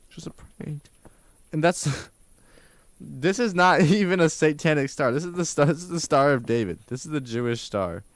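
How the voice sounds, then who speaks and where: A man's voice: fairly high pitch, expressive, normal speed, dry recording. A man streaming a game live, reacting casually with jokes, swearing, laughter and sudden cries of surprise. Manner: joking, swearing, laughing aloud, outbursts of surprise. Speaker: livestreamer.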